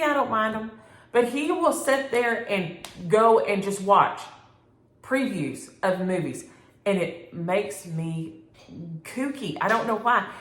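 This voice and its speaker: A middle-aged woman, chatting casually as a cross-stitch vlogger, animated and playfully exaggerating as she answers viewers from home. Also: medium pitch, roomy sound. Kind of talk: casual chat reading viewer comments.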